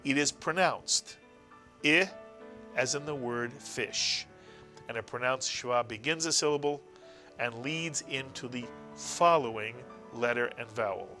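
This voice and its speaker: A man's voice: medium pitch, sharp tone. Patient man teaching a language lesson. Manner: patient, explains slowly, repeats key words. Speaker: Hebrew teacher. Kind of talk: classroom-style language lesson.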